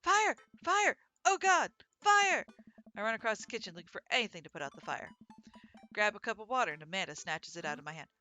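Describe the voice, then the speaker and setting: A woman hosts a playthrough of a dating game and reads its text aloud with playful asides. Her voice is bright and forceful, and faint game music plays underneath. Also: lowish voice, racing. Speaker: let's play host. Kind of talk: reading and commenting on a dating game.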